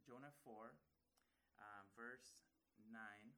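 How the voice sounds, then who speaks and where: Animated, conversational male preacher. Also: lowish voice, takes it slowly, poor audio. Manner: animated storytelling, acts out quotes; conversational, asks rhetorical questions. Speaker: pastor. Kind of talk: sermon.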